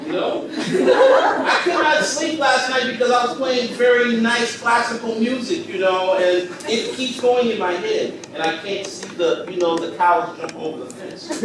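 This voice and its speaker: A man teaching a music master class in a lively, playful way, often asking the room whether they understand. His voice sits high and comes from a mic set well back in a large, booming hall. Steady background noise runs underneath. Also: unhurried, far from the mic. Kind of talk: lively teaching talk to students. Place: lecture hall.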